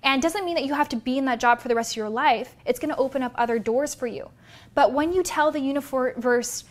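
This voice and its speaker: A woman, a business coach and vlogger, giving an energetic, direct motivational talk to her viewers. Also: sits high, fast.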